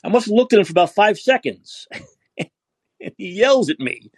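A man's voice: sits high, very animated, moderate pace, breathy edge, no echo. A man from New York hosting a call-in podcast, ranting and profane, often repeating himself as he restarts sentences. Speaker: podcast host. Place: San Francisco.

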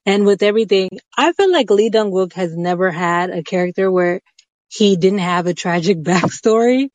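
A woman's voice: medium pitch, normal speed, darkish tone, no room sound. Woman, caller, gushing, laughs a lot, dry close sound. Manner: gushing, laughs and gasps often. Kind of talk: casual chat. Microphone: phone app call.

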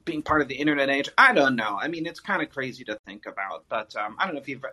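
A man's voice: mid-range voice, animated, quick pace, sharp tone, rough recording. A man in his early thirties calling in to a podcast, talking casually in a rambling, hesitant way with many fillers. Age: 30s. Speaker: caller. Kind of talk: casual chat.

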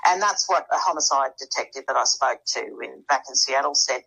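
A woman tells her story in an animated, dramatic way, slipping into the voices of the people she quotes. Her voice sits low and sounds husky. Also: brisk, rough recording. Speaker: guest. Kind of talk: storytelling in casual conversation.

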